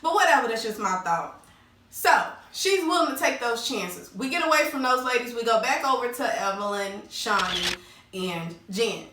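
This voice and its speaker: Woman doing a reality tv recap, slangy and lively, bright high voice, echoey room from a ways off. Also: normal speed. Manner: animated, slangy, acts out quotes in changing voices. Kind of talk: casual recap with acted-out quotes. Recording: roomy echo, distant mic.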